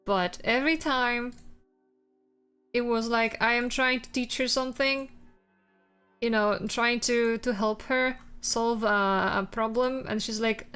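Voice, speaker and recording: A woman's voice: fairly high pitch, steady tone, a little slow, a bit bright, clean tone, faint music behind. A woman streamer chatting casually with viewers, rambling and swearing through exasperated rants.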